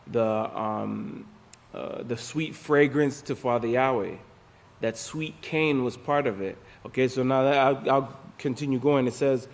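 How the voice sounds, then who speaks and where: A man reading out a news report to a religious class and explaining it, halting and repeating himself with many fillers. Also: medium pitch. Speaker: class teacher. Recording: reverberant hall, voice at times off-mic.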